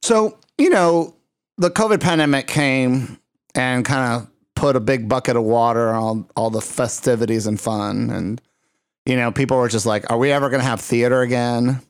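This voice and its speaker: Male podcast host, joking, teasing, mid-pitched. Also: normal speed, clear, resonant tone, dry recording, clean studio sound. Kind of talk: casual podcast chat.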